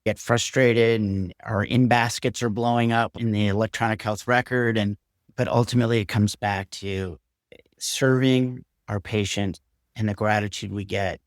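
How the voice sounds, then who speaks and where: Earnest low-voiced man surgeon. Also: steady tone, moderate pace, no room sound, studio quality. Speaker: surgeon guest. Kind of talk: reflective storytelling interview.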